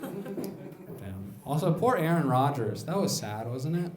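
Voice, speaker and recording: A man's voice: on the high side, sing-song, takes it slowly, a little mellow. A man doing a stand-up comedy set on a club stage, rambling, self-mocking and profane. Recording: roomy club with audience laughter. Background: live audience laughing.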